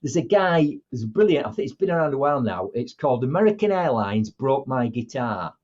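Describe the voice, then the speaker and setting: Middle-aged man, motivational speaker type, animated raconteur with a husky tone, muffled recording. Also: mid-range voice, brisk. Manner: animated, acts out dialogue in different voices. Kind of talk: conversational storytelling.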